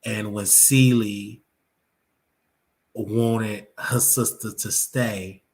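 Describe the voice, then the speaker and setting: Man, low voice, live reaction rant, emphatic, preachy. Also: fairly even intonation, drawn-out words. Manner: emphatic, preachy, repeats phrases. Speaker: host of a commentary show.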